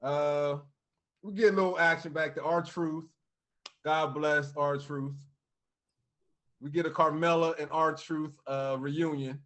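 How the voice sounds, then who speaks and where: A man co-hosting a casual wrestling podcast, his voice sitting a little higher than most men's. He tells the night's events in an animated, chatty way and slips into quoted voices for the wrestlers. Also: slow pace, long pauses. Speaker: podcast co-host recapping wrestling. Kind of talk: casual chat.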